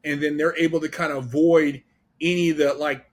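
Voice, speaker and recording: A man hosting a casual podcast, asking quick, halting questions full of restarts. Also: fairly high pitch, little pitch movement. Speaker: podcast host.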